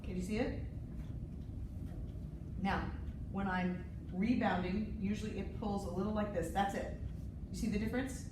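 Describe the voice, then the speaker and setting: A woman's voice: mid-range voice, fairly even intonation, normal speed, pauses often. A woman teaching conducting, speaking directly, calling out cues and beats to her student in a rehearsal room. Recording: echoey room, distant mic, noisy.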